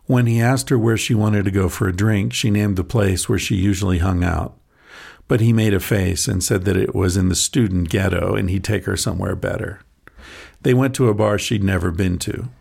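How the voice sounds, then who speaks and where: A man with a deep, very gravelly voice reads a short story aloud. His tone is husky and a little breathy, and he keeps a soft, measured storytelling pace. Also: fairly even intonation. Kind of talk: audiobook narration of a short story.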